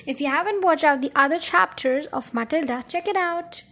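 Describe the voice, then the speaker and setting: A woman reading a children's book chapter aloud in a casual, steady way. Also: high-pitched, normal speed. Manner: steady, plain reading with friendly intro. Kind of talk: casual storybook read-aloud.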